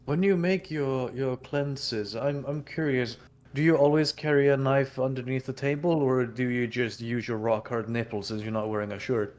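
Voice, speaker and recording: A man's voice: mid-range voice, fairly even intonation, normal speed, a little mellow. A man playing a tabletop game, arguing in character in a reasoning, mock-earnest way. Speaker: player. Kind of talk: in-character tabletop role-play.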